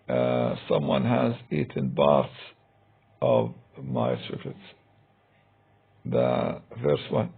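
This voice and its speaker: A man teaching English grammar in a recorded lesson, talking slowly and hesitantly with many fillers, with a deep gravelly husky voice. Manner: slow, hesitant, many "uh" and "I mean". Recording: tinny phone-like recording.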